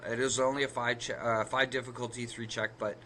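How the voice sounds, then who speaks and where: On a card game podcast, this male co-host explains card-play math one step at a time, catching and fixing his own mistakes in a casual chat. He speaks a little fast in a mid-range voice, flat in delivery yet bright and forceful, over slight background noise.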